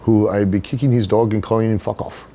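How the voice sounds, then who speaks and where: Man, middle-aged, low-pitched, blunt, profane, animated storyteller. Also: a little fast, a little hiss or hum. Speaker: podcast guest, wrestler. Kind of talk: casual chat, storytelling.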